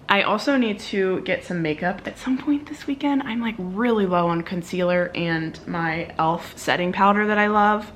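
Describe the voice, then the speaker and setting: A woman's voice: lowish voice, fairly bright tone. Chatty young woman in an echoey room. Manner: bubbly and chatty, lots of fillers. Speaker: vlogger. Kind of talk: casual vlog chat. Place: home, indoors. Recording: echoey room, faint background noise.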